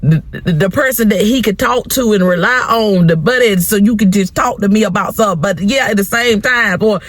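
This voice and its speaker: A woman vlogger talks candidly to her viewers about parenting her teenage son, repeating phrases for emphasis. Her mid-range voice runs a little fast with few pauses, in a casual chatty style.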